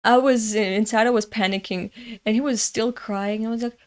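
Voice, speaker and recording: A woman's voice: mid-range voice, fairly even intonation, moderate pace. A woman from Europe hosting a manga reading, telling a story in a chatty, self-mocking way with frequent laughter. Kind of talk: casual storytelling and manga commentary.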